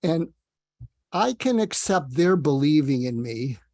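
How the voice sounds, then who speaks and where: A man's voice: on the high side, very animated, slow pace, a little mellow, no echo, studio quality. A man speaking as a psychiatrist guest on an interview, rambling and self-deprecating, telling stories with asides. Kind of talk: casual interview talk.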